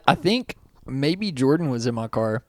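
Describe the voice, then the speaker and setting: A young man co-hosting a casual podcast, telling stories in an animated, profane way and laughing often. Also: mid-range voice, moderate pace, no room sound. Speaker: podcast co-host. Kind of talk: casual chat.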